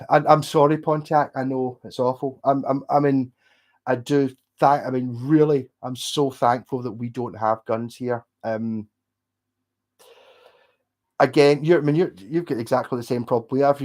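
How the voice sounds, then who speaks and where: A man's voice: medium pitch, darkish tone. A drunk man with a Scottish accent, hosting a casual late-night livestream, rambling and swearing as he rants to viewers. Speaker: livestream host.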